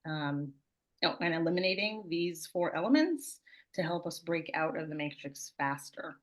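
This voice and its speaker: A woman with a fairly low voice puts questions to the others in a relaxed fireside chat. She speaks hesitantly, pausing on fillers as she goes.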